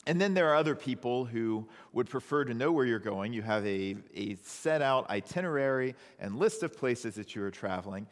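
A man's voice: mid-range voice, expressive, normal speed, few pauses, big-room sound. A man preaching a sermon as pastor, in a conversational storytelling manner.

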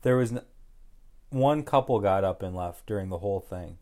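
A man's voice: low voice, normal speed, mellow. A man chatting casually and making dry, joking asides. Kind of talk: casual chat.

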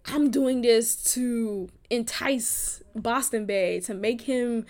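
A woman's voice: fairly high pitch, slow pace, a little mellow. A young adult woman hosting a podcast, talking candidly in a casual monologue, laughing often and swearing freely. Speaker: podcast host.

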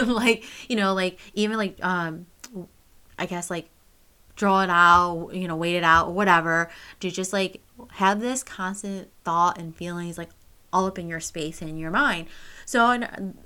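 A woman's voice: lowish voice, steady tone, unhurried, bright, forceful tone, clear, resonant tone. A young woman telling a personal story straight to camera, candid and casual, swearing freely and full of fillers. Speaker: vlogger.

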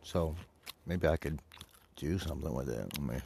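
Deep gravelly man, profane rambling host. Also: moderate pace, darkish tone, slight background noise. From Detroit. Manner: profane, rambling, mock-insulting the audience. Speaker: radio host. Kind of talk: crude rambling solo radio talk.

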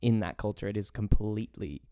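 A young Englishman talks casually on a podcast, swearing freely and laughing easily. His voice is lowish and smooth. The sound is dry and close. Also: fairly quick, mellow, no echo. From England. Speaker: podcast host. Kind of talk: casual chat.

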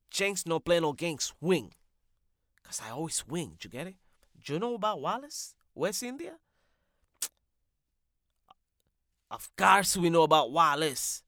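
A man doing a loud, brash, swearing host. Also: no room sound, studio quality, exaggerated voice. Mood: boastful. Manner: loud, brash, swears constantly, pitch jumps high. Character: brash loud profane male podcast host. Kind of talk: comic sketch.

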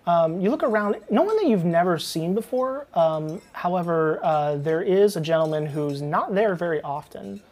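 A woman narrating a tabletop game as game master, relaxed and dotted with fillers. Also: on the low side, moderate pace, hardly any pauses.

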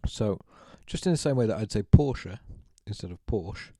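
Man podcast cohost, dark mellow voice, dry sound, rambling self-mocking banter. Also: on the low side, lively intonation, fast, no echo. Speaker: podcast co-host. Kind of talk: casual chat.

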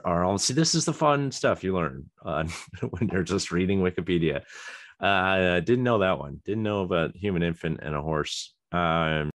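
A man's voice: low voice, no room sound, studio quality. A man hosting a podcast alone, rambling casually with chuckles, many ums and restarts. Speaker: podcast host. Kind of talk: casual solo chat.

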